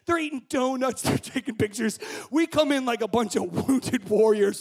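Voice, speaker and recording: High, gravelly young man telling a story. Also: lively intonation, fairly quick. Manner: acts out scenes with shouts and voices. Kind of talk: animated storytelling to a group.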